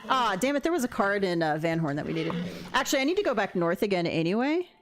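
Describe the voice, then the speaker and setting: A chatty woman streamer talks through her gameplay, rambling from one thought to the next. Her pitch swings around animatedly as she talks to her chat, and she laughs easily. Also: very animated, quick pace, soft background music.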